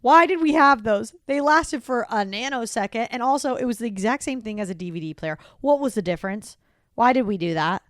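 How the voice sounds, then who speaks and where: A young woman co-hosting a podcast, chatting in an animated, rambling way with bursts of excitement. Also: on the high side, a little fast, dry recording, clean studio sound. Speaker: podcast co-host. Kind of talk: casual chat.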